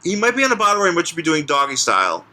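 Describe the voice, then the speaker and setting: A man's voice: a little high, huge pitch swings, very fast, bright, forceful tone. A man co-hosting a podcast in casual comedic chat, rambling and restarting his sentences as he acts out scenes. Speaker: podcast co-host.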